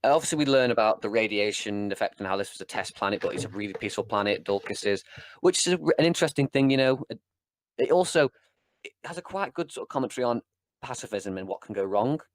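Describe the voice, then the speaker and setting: A man co-hosting a casual podcast review, talking bluntly and swearing freely, sometimes acting out scenes in quick voices. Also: lowish voice, lively intonation, no room sound. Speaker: podcast co-host. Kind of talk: casual chat, episode review.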